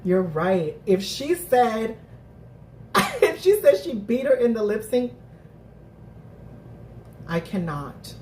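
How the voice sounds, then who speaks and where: A woman's voice: fairly high pitch, slow, pauses often, a little hiss or hum. Chatty woman streamer in a roomy space. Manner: animated, chatty, thinks out loud with many restarts and bursts of laughter. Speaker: host of a live recap stream. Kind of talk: casual chat to viewers. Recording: roomy, distant mic.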